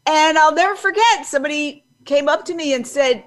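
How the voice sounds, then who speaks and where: A woman in her sixties hosting an interview, loud and chatty, telling stories as she goes. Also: high voice, a little fast, few pauses. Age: 60s. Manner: loud, chatty, self-described loudmouth. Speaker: interview host. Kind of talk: conversational interview.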